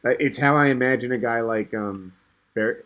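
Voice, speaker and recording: A man at mid pitch chatting loosely on a podcast. He rambles, with filler words and the odd curse. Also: a little fast, a bit bright. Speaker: podcast co-host. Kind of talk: casual chat.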